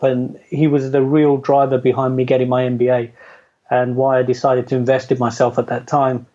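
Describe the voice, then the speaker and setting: A man's voice: mid-range voice, monotone, brisk, warm tone. A middle-aged man telling his career story as an interview guest, chatty and self-deprecating, laughing often. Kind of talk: casual storytelling. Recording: dull lo-fi audio.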